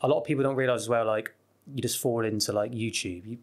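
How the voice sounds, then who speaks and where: A British man, a guest on a podcast, telling stories in a casual, animated way with many fillers and restarts. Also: mid-range voice, quick pace. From United Kingdom. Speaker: guest, travel YouTuber.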